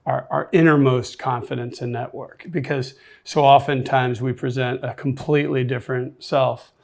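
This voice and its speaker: Host, male, gravelly tone, earnest, reflective intro. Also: mid-range voice, steady tone, normal speed. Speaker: podcast host. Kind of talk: podcast introduction.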